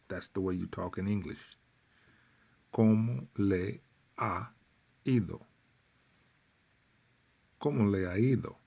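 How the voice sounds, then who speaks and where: A man teaching a workbook lesson, repeating phrases slowly with folksy asides. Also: low voice, vocal fry, a little mellow, husky, lo-fi sound. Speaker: Spanish teacher.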